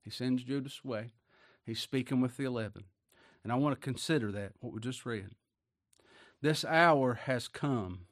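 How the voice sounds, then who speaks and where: Folksy preacher, dry sound. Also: male voice, mid-range voice, brisk, darkish tone, no echo. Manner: folksy, colloquial preaching with rhetorical questions. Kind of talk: sermon.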